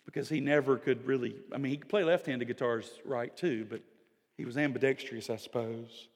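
Preaching at a fairly quick pace, a middle-aged man with a mid-range voice shifts from forceful declarations to near-whispered stories. A long reverb tail trails his sermon.

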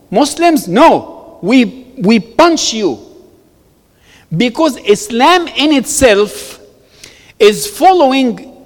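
A man giving an emphatic public talk to an audience, repeating words for stress and telling stories. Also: very high voice. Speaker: speaker answering audience questions. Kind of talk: animated public talk with storytelling. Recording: long reverb of a hall.

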